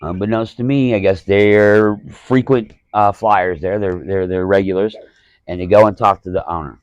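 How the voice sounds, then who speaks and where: A man's voice: lowish voice, fairly even intonation, normal speed, clear, resonant tone, dry recording, muffled recording. A man telling a profane, exasperated story about a show as a stand-up comedian. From Alabama. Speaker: stand-up comedian, podcast host. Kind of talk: casual storytelling rant.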